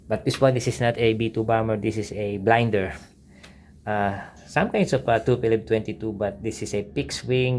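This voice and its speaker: A middle-aged man with a fairly low voice walks through his old sketchbooks in a loose, rambling way. He stops and restarts often and fills pauses with "uh" as he talks. A faint hiss of noise sits under the recording. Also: darkish tone. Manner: rambling, many fillers and restarts, enthusiastic about aircraft. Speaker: art channel host. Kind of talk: casual sketchbook tour narration.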